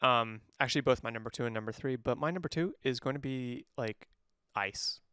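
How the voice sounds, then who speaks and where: A man's voice: medium pitch, brisk, a bit bright, clean tone, no echo. A man co-hosting a movie review podcast, bantering playfully in a casual chat. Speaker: podcast co-host.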